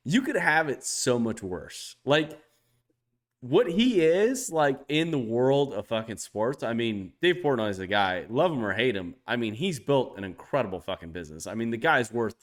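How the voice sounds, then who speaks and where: A man in casual podcast chat, swearing freely as he tells stories. His pitch rides up and down with lively animation, at a middle register for a man. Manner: profane, animated storytelling, jumps high when quoting others. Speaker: podcast co-host.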